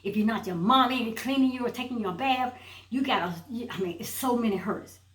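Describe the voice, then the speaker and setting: Speaking briskly in a voice on the high side, a woman inspirational speaker gives an emphatic motivational talk in a preaching style. She repeats rhetorical questions to build her point, and the audio is poor with an echoey room.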